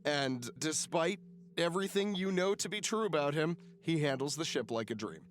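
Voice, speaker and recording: A man's voice: fairly high pitch, lively intonation, moderate pace, a little hiss or hum. A man narrating a tabletop game as game master, casual and swearing freely.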